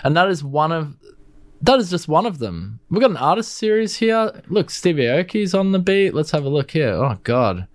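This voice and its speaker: An Australian man with a blocked nose, chatting casually and rambling through a music software review, often restarting words mid-way. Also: on the high side, big pitch swings, normal speed.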